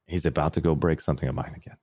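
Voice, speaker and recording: Young man, strikingly low voice, casual candid storyteller, loose and rambling delivery. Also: steady tone, very fast, dark tone, dry recording. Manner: rambling and candid, many fillers and restarts.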